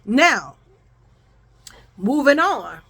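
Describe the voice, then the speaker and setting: A woman's voice: high voice, big pitch swings, drawn-out words, vocal fry, fairly bright tone, slightly rough. A woman vlogger telling a story to her viewers in a casual, profane style, acting out the arguments she quotes.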